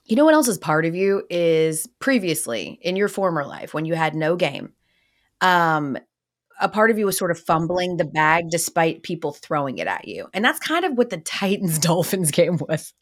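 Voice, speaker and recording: A woman hosting a casual sports talk show, telling stories with lively acted-out quotes. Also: normal speed. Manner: animated storyteller, acts out quotes in high voices. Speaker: host.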